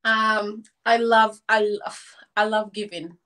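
A woman's voice: medium pitch, fairly even intonation, takes it slowly, a bit bright, rough recording. A young woman from Cameroon, a guest on a casual online interview, who laughs often while telling stories.

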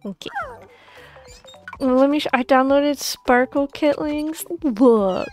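A young woman streaming a pet game, gushing and cooing over the animals and often dropping into soft whispers. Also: high voice, slow pace. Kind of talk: casual gaming stream chatter. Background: faint background music.

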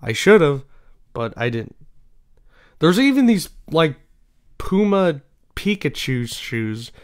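Hosting his own show alone, a young man rambles casually in a smooth, clear voice that's a little high and sing-song. He takes it slow and unhurried, drifting between ideas with lots of fillers and restarts.

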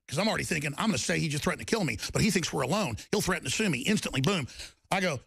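A combative male talk host with a gravelly, rough-edged voice that sits a little high for a man. He rants hard and pushes into shouted defiance, and the sound is close and dry with no room around it. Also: expressive, fast talker, no room sound. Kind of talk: heated talk-show rant.

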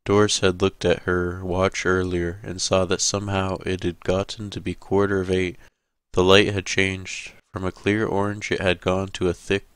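Deep, smooth male audiobook narrator. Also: no room sound. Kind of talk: scripted narration.

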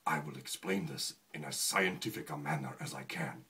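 A man voicing a formal male schoolteacher who has a very deep voice and speaks stiff, careful English. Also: normal speed, pushed and bright. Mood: earnest, lecturing.

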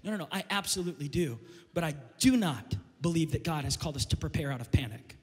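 A man preaching a sermon as pastor, impassioned and building to shouted climaxes. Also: on the high side, animated, fast talker. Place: church sanctuary. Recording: long reverb of a church hall.

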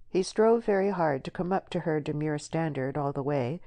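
Woman audiobook narrator, dark low tone, steady reading. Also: moderate pace. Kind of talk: scripted narration.

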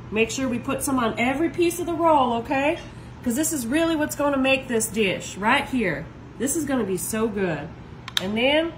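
A woman's voice: fairly high pitch, slight background noise, rough recording. A woman hosting a casual cooking demonstration, chatty and enthusiastic. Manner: chatty and enthusiastic, often saying "y'all". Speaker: cooking video host.

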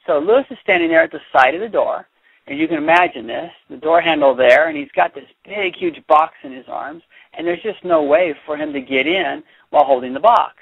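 Man reading a picture book to a class, animated and chatty; husky, dry, phone-line audio. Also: fairly high pitch, fairly quick, no room sound. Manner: animated, chatty, stops to explain. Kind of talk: read-aloud storytelling with commentary. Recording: dry, tinny phone-like sound.

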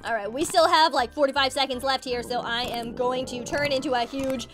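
A young woman giving excited, bubbly commentary while playing a game, gasping and squealing often. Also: high voice, a little fast. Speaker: gaming channel host. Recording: game music playing behind.

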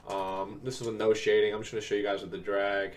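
Laid-back young man, low voice. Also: flat delivery, fast talker. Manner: laid-back, many ums, explaining plays step by step. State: recovering from illness. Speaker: video game tips creator. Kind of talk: casual gameplay commentary. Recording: distant mic, faint keyboard noise.

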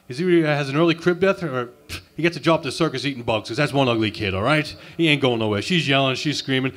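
A man's voice: medium pitch, quick pace, few pauses, fairly bright tone. A man doing a crude, sarcastic insult stand-up routine at an open mic night. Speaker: stand-up comic. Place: comedy club open mic.

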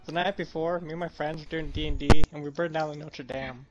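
Male gamer, chatty anecdote, fairly high voice, clear music behind. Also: steady tone, a little fast, highs cut off. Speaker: gaming friend. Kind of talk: casual anecdote in gaming chat.

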